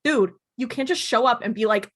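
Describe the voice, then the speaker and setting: Podcast co-host, woman with a slightly high voice, chatty recap, quick character asides. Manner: animated retelling, acting out character lines. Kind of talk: casual chat recapping a TV episode.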